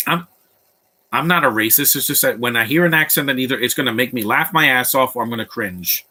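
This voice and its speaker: Bright-voiced man giving blunt movie commentary. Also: mid-range voice, a little fast. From Latino background. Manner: blunt, opinionated, rambling asides.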